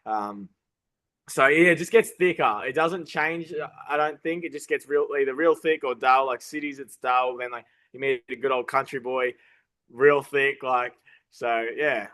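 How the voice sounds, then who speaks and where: A man's voice: medium pitch, sharp tone. A man from Australia with a toned-down Australian accent, a tradesman guest chatting casually and stopping and restarting his sentences often. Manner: halting, stop-start, many false starts. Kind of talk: casual interview chat.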